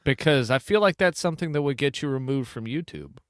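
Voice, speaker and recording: A man's voice: mid-range voice, animated, fairly quick, smooth, no room sound, studio quality. A middle-aged man hosting a casual hunting podcast, rambling and often breaking off to restart his thoughts. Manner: rambling, self-interrupting. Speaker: podcast host. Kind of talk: casual chat.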